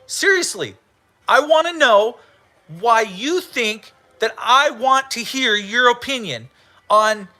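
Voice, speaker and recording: A man's voice: extremely high pitch, lively intonation, slow, bright, forceful tone. A man hosting a livestream, ranting heatedly with profanity and lots of repetition. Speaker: livestream host.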